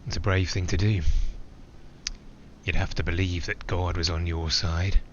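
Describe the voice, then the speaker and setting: A man's voice: low-pitched, level tone, moderate pace, highs cut off, slight background noise, lightly acted. An actor playing a man flying alone, who talks in a reflective, digressive way with small hesitations. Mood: musing. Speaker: narrator-pilot. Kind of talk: theatrical monologue.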